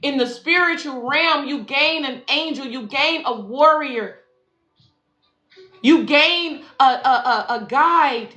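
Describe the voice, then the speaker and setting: A woman's voice: high voice, slow, bright, forceful tone. A woman giving a casual, profane, affectionate spiritual reading to viewers, calling them y'all and baby. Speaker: spiritual life coach and intuitive reader. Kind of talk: casual tarot reading livestream. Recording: echoey room with faint music.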